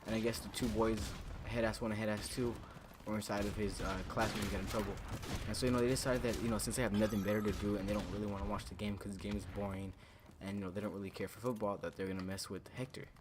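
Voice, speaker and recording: A man's voice: fairly low pitch, flat delivery, fast talker, few pauses, background noise. A young man casually telling a story from his school days, rambling and swearing with lots of fillers. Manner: rambling, profane, filler-heavy. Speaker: storytime vlogger.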